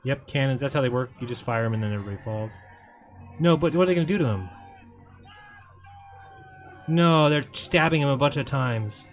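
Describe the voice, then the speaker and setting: A man's voice: medium pitch, lively intonation, brisk, long pauses, faint music behind. A man hosting a livestream, giving sarcastic, mocking commentary over a video clip and reading comments aloud. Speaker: livestream host.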